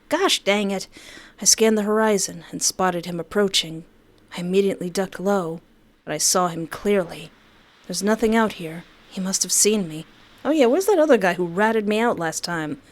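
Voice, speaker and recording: A woman game streamer reading a visual novel aloud, breaking into excitable, yelling reactions. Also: lowish voice.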